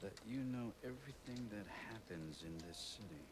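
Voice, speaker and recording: A man's voice: expressive, moderate pace, natural voice. A man voicing a guarded, terse master thief with clipped lines in a video game cutscene. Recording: game audio with rumbling background noise.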